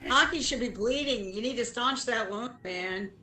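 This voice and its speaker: A woman's voice: fairly high pitch, normal speed, bright, forceful tone, a little hiss or hum. A middle-aged woman co-hosting a game stream, chatting casually and explaining things at length. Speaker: co-host, streamer's mother. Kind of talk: casual gaming stream chat.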